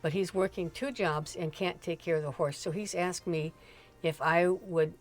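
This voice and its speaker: A woman's voice: lowish voice, fairly even intonation, normal speed. An older woman, a mother, telling family stories in a chatty, rambling way with frequent laughs and asides. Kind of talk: casual storytelling chat.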